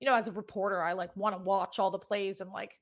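A woman's voice: mid-range voice, fairly even intonation, fast. A woman in her thirties from New England with a Boston accent tinged with New York, hosting a sports betting show in rambling, casually profane chat.

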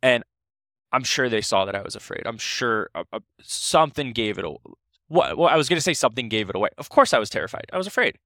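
A young man from Ohio, a podcast guest, telling a story in casual, animated talk full of restarts. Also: medium pitch, fast talker, dry recording, clean studio sound.

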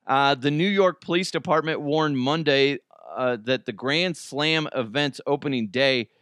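A man from the United States hosting a casual news commentary podcast, animated and swearing freely, laughing often. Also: on the high side, unhurried, smooth, no echo. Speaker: podcast host.

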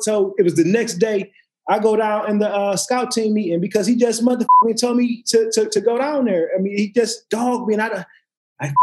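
A man, a former football player, telling stories in casual chat, acting out quotes and restarting his sentences often. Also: high voice. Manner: animated, acts out quotes, lots of restarts and swearing. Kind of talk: casual storytelling.

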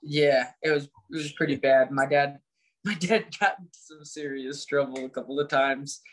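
A man around thirty from Indiana, a fighter chatting as a podcast guest, energetic and rambling with many fillers and restarts. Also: a little high, normal speed. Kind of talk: casual podcast chat.

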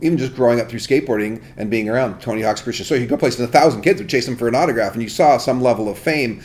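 A man's voice: mid-range voice, rapid-fire, a little mellow. A man hosting a podcast, chatting casually and rambling, often restarting sentences and losing his train of thought. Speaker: podcast host. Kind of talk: casual chat.

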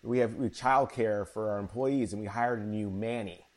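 A man with a fairly low voice tells stories from his broadcasting career. He is animated and loose, full of fillers and restarts, as a guest in a casual interview. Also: normal speed. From Chicago.

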